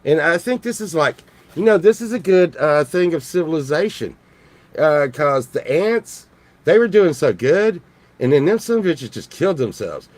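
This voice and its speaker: Rambling, animated man. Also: on the high side, moderate pace, dry recording. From Texas. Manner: rambling, jokey, with repeated restarts and swearing. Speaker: vlogger. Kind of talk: rambling casual monologue.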